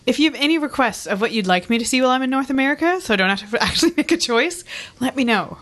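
A woman's voice: sits high, expressive, rapid-fire, fairly bright tone. A woman co-hosting a casual show chat, playful and light. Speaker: show co-host who reads the news.

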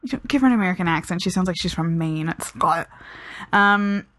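A woman's voice: on the low side, fairly quick, fairly bright tone, no room sound. A woman co-hosting a film review chat, talking frankly and casually with lots of "like" and fillers. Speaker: film review podcast co-host.

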